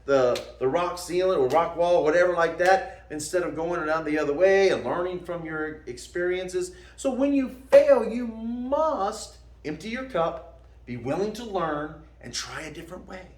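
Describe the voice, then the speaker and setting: A man's voice: high-pitched, normal speed, a little mellow, roomy sound. A man who teaches martial arts, giving a folksy motivational talk, calling the listener "man" and laughing at his own jokes.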